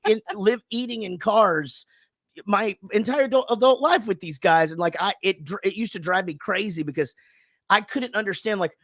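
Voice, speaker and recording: A man hosting a podcast, telling profane, animated stories in casual chat. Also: high-pitched, normal speed, no room sound, studio quality. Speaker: podcast host.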